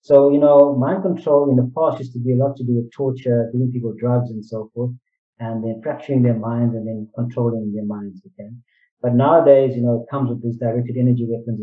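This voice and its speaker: A man's voice: mid-range voice, fairly even intonation, quick pace. A man guest in an interview, speaking earnestly and explaining his points through analogies and rhetorical questions. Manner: earnest, repeats phrases, asks rhetorical questions. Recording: distant, roomy, dull-sounding mic.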